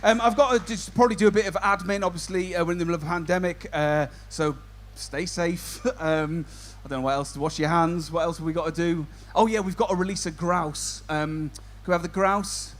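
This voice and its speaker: A man's voice: a little high, fairly even intonation, fairly quick, hardly any pauses. A young man working as a comedy compere, doing crowd work at a live gig in a tent, chatty and self-mocking.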